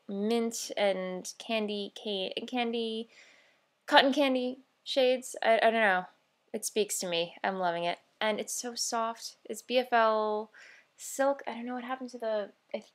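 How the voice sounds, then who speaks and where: A woman hosting a knitting video podcast, chatting casually and bubbly, rambling with fillers and self-corrections. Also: mid-range voice. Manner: bubbly and easily excited. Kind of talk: casual show-and-tell vlog.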